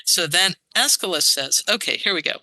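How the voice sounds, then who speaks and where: Bright-voiced woman explaining in a dry studio. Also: on the low side, normal speed, no echo, rough recording. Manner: animated explaining, tapping out rhythms. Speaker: translator guest. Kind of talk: casual podcast interview.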